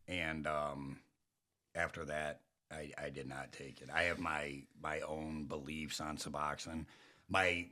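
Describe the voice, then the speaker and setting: A man's voice: deep voice, bright, forceful tone. A man who is a guest on a podcast, talking in blunt, clipped casual chat.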